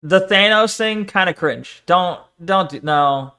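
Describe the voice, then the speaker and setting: A man's voice: sits high, animated, measured pace, bright, forceful tone, clean tone. A man streaming, reacting to a video with profane, mocking rants. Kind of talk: casual reaction commentary.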